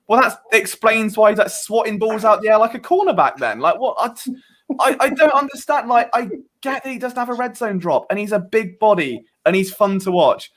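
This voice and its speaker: A British man on a podcast as a guest, chatting casually in an animated, rambling way that often questions himself. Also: high voice, fairly quick. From Britain.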